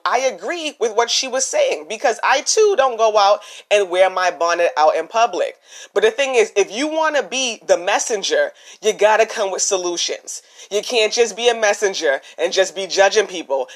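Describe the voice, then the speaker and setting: A woman hosts a podcast and talks through her opinions in a loose, conversational way. Her voice sits at a middle pitch, and she keeps dropping in "you know" and "right?" as she goes. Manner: chatty, opinionated, many "you know" fillers. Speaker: podcast host. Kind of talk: casual commentary.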